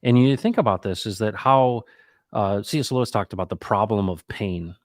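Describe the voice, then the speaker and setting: A middle-aged man hosting a casual talk, reflective and animated, acting out the people in his stories. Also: lowish voice, moderate pace, no room sound, clean studio sound. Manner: animated, acts out quoted dialogue; reflective, faith-minded musing. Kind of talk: casual conversational storytelling.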